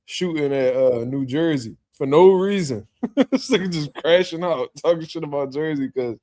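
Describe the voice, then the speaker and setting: A man's voice: on the high side, normal speed, a little mellow. A man hosting a boxing talk show, reacting in laid-back casual chat with lots of laughter and slang.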